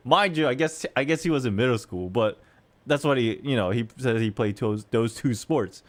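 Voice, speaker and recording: A man in his thirties telling a story in a chatty, animated way as a streamer, laughing between lines. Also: mid-range voice, normal speed. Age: 30s. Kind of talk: casual storytelling.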